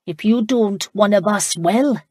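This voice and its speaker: A woman reading an audiobook voices a brash, teasing old woman passenger with a Scottish accent, husky in tone. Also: medium pitch, a little slow, mellow, no echo, clean studio sound.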